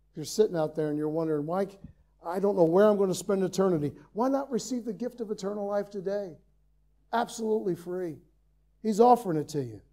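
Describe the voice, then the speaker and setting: Here a high-voiced, mellow Irish preacher stands at the pulpit of a church sanctuary delivering his sermon. He builds to loud, emphatic crescendos, then lowers his voice for quiet, earnest side comments.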